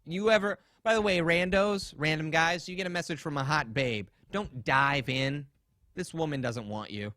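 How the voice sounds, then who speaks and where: A man's voice: a little high, moderate pace, sharp tone, no echo. A man hosting a podcast, telling a story in casual, rambling chat, swearing and acting out quotes. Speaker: podcast host.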